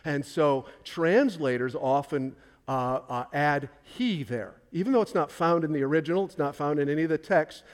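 A man's voice: on the high side, normal speed. A man preaching a sermon, emphatic, repeating key phrases for stress and answering his own questions. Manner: asks questions and answers them himself. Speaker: pastor.

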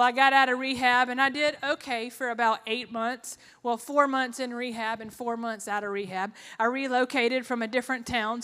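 A woman's voice: fairly high pitch, a bit bright. A young woman giving an earnest, emotional personal testimony with sarcastic asides. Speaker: testimony speaker. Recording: long hall reverb.

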